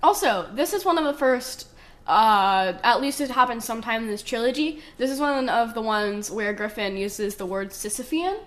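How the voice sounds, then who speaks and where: A woman's voice: on the high side, lively intonation. A woman hosting a casual podcast, chatting and giggling about a video series. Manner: chatty, giggly, quick restarts. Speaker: podcast host. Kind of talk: casual chat.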